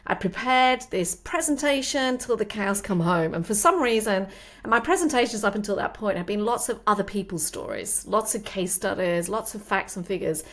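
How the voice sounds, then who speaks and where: Woman host, mid-pitched, unhurried colloquial storyteller. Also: animated, fairly bright tone. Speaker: podcast host. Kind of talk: interview conversation.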